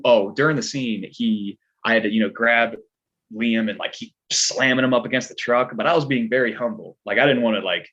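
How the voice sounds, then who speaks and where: Husky-voiced man with a twang. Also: mid-range voice, brisk, fairly bright tone. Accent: American Southern twang. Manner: laid-back, rambling, lots of filler words. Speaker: podcast guest, stuntman. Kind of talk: casual storytelling chat. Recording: dull lo-fi podcast audio.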